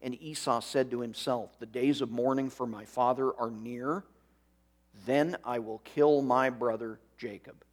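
A man's voice: mid-range voice, steady tone, unhurried. Earnest man preaching a sermon. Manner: earnest preaching, reads scripture aloud with commentary. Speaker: pastor.

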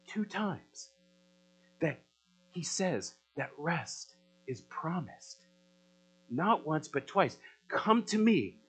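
A man with a somewhat high voice preaches a sermon at an unhurried pace. He swells into loud, rising appeals, then drops low and quiet to press searching questions. A faint electrical hum runs underneath. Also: rough recording. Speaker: pastor.

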